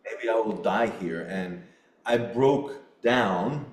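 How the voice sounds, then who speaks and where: A middle-aged man, a podcast guest, telling a personal story in an earnest, halting way with many restarts. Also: lowish voice. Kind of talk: storytelling in a casual interview. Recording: roomy echo.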